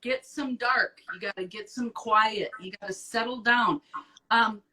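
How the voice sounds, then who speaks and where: A woman hosting an advice show in casual chat, blunt and profane, talking with animated emphasis. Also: on the high side, unhurried, distant mic, poor audio.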